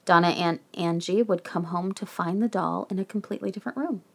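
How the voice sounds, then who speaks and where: A woman co-hosting a podcast, chatty and animated, casually telling a true haunted story with some swearing. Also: lowish voice, a little fast, vocal fry.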